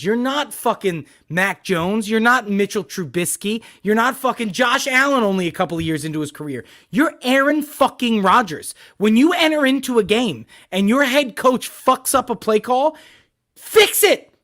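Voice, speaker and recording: A man's voice: very high-pitched, expressive, moderate pace, few pauses, fairly bright tone. A man co-hosting a sports podcast, ranting in heated casual talk full of profanity and hard emphasis.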